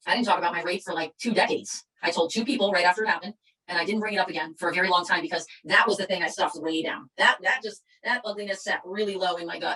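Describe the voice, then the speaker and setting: A woman's voice: lowish voice, bright, forceful tone, rough recording. A middle-aged woman giving a fervent, preachy motivational speech as a leader of a sales company. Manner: fervent, preachy, rapid-fire. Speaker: MLM company leader giving a training talk.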